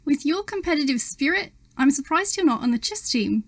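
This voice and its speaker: A relaxed teenage boy in a put-on New Zealand accent, easygoing and unhurried. He tosses in mate between thoughts and sounds dry and close to the mic, with a woman acting him out. Her voice runs a little high. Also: no room sound. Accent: attempted New Zealand. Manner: easygoing, calls people mate. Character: teen boy chess player, laid-back.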